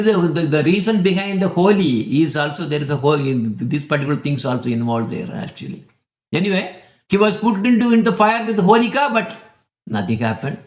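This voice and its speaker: Male speaker, devotional sermon, dramatic storytelling, fairly high voice, roomy echo. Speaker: spiritual speaker. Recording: echoey room.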